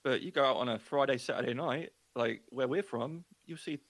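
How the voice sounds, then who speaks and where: A man's voice: medium pitch, a little fast, dry recording. A man from Luton in England with an English accent, telling stories in casual chat and acting out the voices of the people in them. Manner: chatty, animated storytelling with quoted voices.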